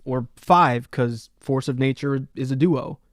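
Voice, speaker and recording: A man's voice: medium pitch, unhurried. A man hosting a casual music talk, rambling with lots of filler words. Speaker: music video essay host.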